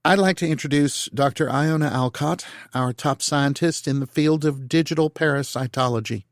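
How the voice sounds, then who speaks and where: A male narrator voicing a female senator who gives a measured, formal briefing. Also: on the high side, dry recording, studio quality, lightly acted. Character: brisk female senator leading a secret briefing.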